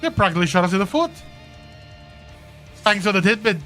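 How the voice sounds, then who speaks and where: A man's voice: high voice, big pitch swings, fairly quick, pushed and bright, soft background music, exaggerated voice. A man voicing a blunt, impatient young woman warrior in a fan voice-over of game dialogue, speaking dryly.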